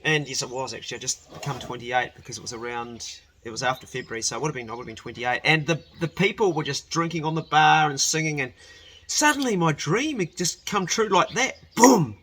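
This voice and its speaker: Rambling, bright-voiced male storyteller. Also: a little high, fairly quick, slightly rough. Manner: rambling, self-correcting, laughs while telling. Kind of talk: casual personal storytelling.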